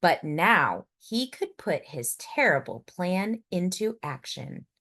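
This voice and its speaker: Woman reading a children's picture book, slow and very lively pitch, expressive. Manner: expressive, unhurried. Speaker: storyteller. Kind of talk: picture-book read-aloud.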